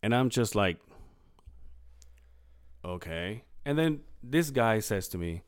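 A man's voice: mid-range voice, slow, pauses often. A middle-aged man in casual chat, telling a story with acted-out quotes and a lot of swearing. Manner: animated, acts out quotes, swears freely. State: clearing his throat, morning voice. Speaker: podcast co-host.

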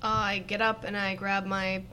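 Female player, mid-pitched, casual first-person action calls, faint background noise. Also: flat delivery, a little slow, pushed and bright. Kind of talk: playing a tabletop game in character.

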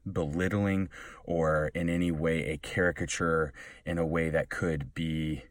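Brief: man with a very low, deep voice, earnest rambling vlog talk, sitting back from the mic in a dead, dry booth. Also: steady tone, a little slow, no room sound, far from the mic. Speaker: professional voice actor. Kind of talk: casual vlog chat. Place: small recording booth.

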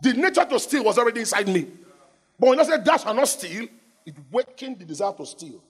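Man, pastor, lively sermon, call-and-response, husky tone, reverberant church hall. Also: very high-pitched, quick pace.

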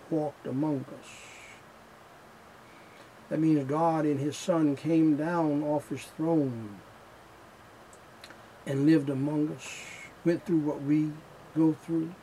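A man preaching a sermon at an unhurried, deliberate pace, his gravelly voice sitting a little high for a man. He drives his points home through emphatic repetition, and a faint hum of ambience sits behind him. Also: fairly even intonation, dark tone, rough recording. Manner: slow, emphatic preaching with repeated refrains.

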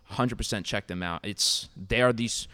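A young man co-hosting a casual podcast, an animated storyteller who acts out quotes and laughs often. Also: fairly low pitch, normal speed. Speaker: podcast co-host. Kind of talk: casual chat.

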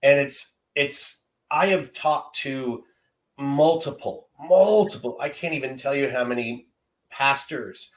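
A man's voice: medium pitch, steady tone, measured pace, a bit bright. A man in his fifties telling a heartfelt personal story as a guest, earnest and often repeating words as he gathers his thoughts. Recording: roomy echo.

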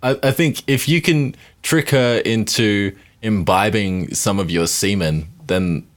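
A man's voice: fairly low pitch, a little slow. A man co-hosting a comedy podcast, dropping dry, hesitant one-liners. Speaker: podcast co-host. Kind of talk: casual crude comedy podcast banter.

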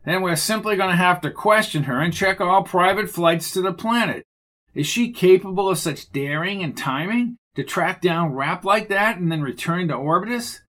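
A man reading the lines of a steady, cautious male colleague in a measured tone. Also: sits high, voice pushed up. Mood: calm reasoning.

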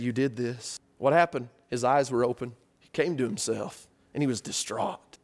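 High-voiced, animated preacher. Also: male voice. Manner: animated, conversational storytelling with rhetorical questions. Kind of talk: sermon.

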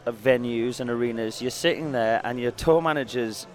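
A man's voice: mid-range voice, moderate pace. A man with an English accent, a touring band musician, chatting as a guest and telling crude, joking road stories. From England. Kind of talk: casual chat.

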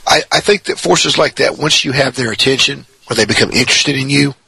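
A man's voice: medium pitch, fairly quick, gravelly, sharp tone, breathy edge, dry recording, poor audio. A man co-hosting a radio show about the paranormal, musing thoughtfully about spirits.

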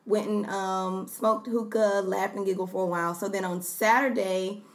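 A young woman with a mid-range voice and fairly even intonation speaks at a moderate pace. She's co-hosting a podcast, chatting casually and telling stories while laughing easily.

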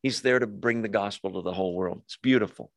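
A man preaching a sermon, explaining a Bible passage in a conversational way with rhetorical questions and quick asides. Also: lowish voice, no echo, clean studio sound. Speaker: pastor.

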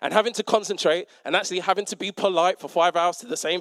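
Young male preacher, chatty storyteller, raised pitch, dry sound. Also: fast talker, hardly any pauses, no room sound. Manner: animated, self-mocking, acts out quotes. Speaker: preacher and teacher. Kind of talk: conversational sermon storytelling.

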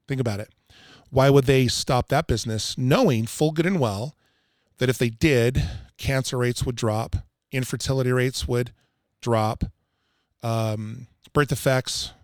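Man, podcast guest, emphatic, repeats for effect, mid pitch, dead-dry sound. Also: a little mellow, no room sound. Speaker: water filtration installer, guest. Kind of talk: casual podcast chat. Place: Utah.

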